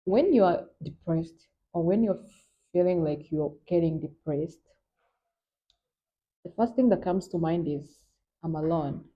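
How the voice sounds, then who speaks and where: A woman's voice: lowish voice, animated, unhurried, long pauses, husky, dull audio. A young Nigerian woman with a Nigerian accent, talking earnestly and emphatically in a personal vlog. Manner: earnest, emphatic, repeats "trust me". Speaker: vlogger. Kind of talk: candid personal vlog talk.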